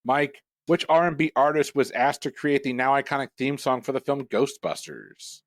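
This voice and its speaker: A man hosting a pub trivia quiz, reading questions in a brisk, matter-of-fact way and bantering with the players. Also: medium pitch, no room sound.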